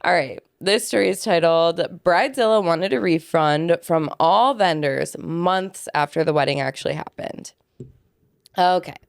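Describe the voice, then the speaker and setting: A young adult woman co-hosting a podcast, chatting casually and reading listener stories aloud in a relaxed, offhand way. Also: on the low side, measured pace, vocal fry, no echo, clean studio sound. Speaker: podcast co-host.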